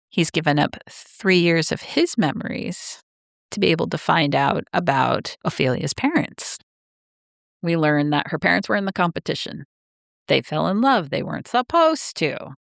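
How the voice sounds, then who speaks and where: A woman's voice: low voice, animated, moderate pace, gravelly, dry recording, studio quality. A woman co-hosting a book podcast, steadily explaining a novel's backstory in casual chat.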